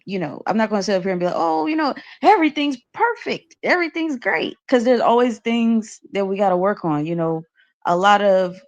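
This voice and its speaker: A woman talking casually on a podcast, sharing opinions in a conversational way. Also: mid-range voice. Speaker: podcast co-host. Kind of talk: casual chat.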